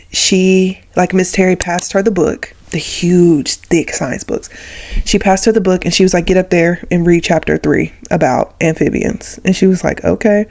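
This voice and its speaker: Speaking in a lowish voice with a darkish tone, this woman in her twenties shares a story from her childhood with her vlog viewers. Her delivery is relaxed and talkative, and she performs the voices of the people she quotes.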